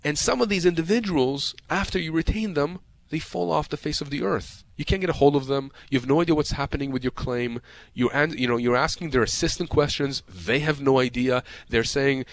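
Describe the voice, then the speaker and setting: Passionate, emphatic lawyer man. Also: medium pitch. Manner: passionate, emphatic, repeats words. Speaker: personal injury lawyer as guest. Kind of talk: radio call-in advice talk.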